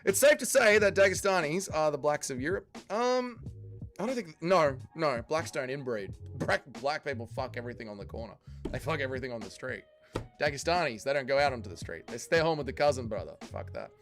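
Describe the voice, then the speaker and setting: Aussie bloke on a stream reading chat, swears heaps, slightly high voice, bouncy delivery, faint music behind. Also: male voice, sing-song, brisk, fairly bright tone. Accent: Australian. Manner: sweary, joking banter, answering chat comments. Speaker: livestream host reading chat. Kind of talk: casual livestream chat.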